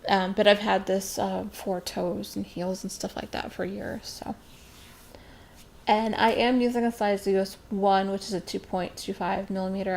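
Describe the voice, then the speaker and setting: A woman's voice: mid-range voice, creaky, a little mellow. A woman hosting a knitting podcast, chatting casually and rambling with lots of ums. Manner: chatty, rambling, many ums, laughs at herself. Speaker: podcast host.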